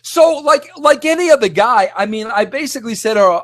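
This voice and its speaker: High-pitched, animated rambling man. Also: a little fast, few pauses, no echo. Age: middle-aged. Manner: excitable, rambling, lots of "like" and restarts. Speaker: podcast host. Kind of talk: animated solo rant.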